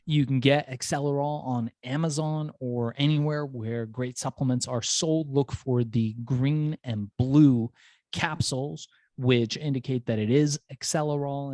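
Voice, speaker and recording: An upbeat male podcast host with a mid-pitched voice tells animated stories and reads a sponsor spot in a casual tone. The sound is close and dry, with no room echo. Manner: upbeat, laughing, animated storyteller.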